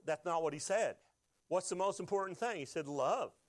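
A man's voice: high voice, animated, moderate pace, no echo. A man preaching a sermon, emotional at times and drawing the congregation into call-and-response. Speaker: pastor.

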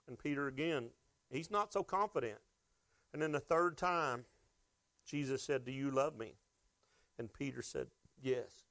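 A man preaching to his church in a lively storytelling way, often turning to ask the congregation questions. His speaking voice sits fairly high for a man. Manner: animated storytelling preacher, addresses the congregation directly. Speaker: pastor. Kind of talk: sermon.

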